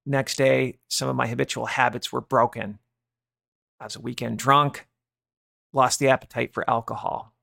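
A man's voice: mid-range voice, level tone, moderate pace, creaky, no room sound, clean studio sound. A man in his fifties hosting a Christian ministry podcast, giving an earnest, confessional testimony. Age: 50s. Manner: earnest, confessional, trails off quietly. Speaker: host of a watchman ministry podcast. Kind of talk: casual religious testimony.

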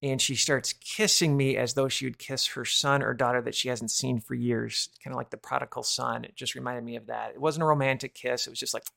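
A man's voice: medium pitch, fairly even intonation, fairly quick, creaky, few pauses, dry recording, clean studio sound. A man in his fifties hosting a Christian ministry podcast, giving an earnest, confessional testimony. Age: 50s. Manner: earnest, confessional, trails off quietly. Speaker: host of a watchman ministry podcast. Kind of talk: casual religious testimony.

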